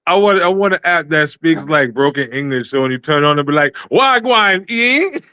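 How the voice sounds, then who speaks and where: A man with a high, bright voice jokes around in casual podcast chat. He plays with voices as he talks. The sound is dry. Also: fairly even intonation, smooth, no room sound. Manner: joking, quick to play around with voices. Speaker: podcast guest.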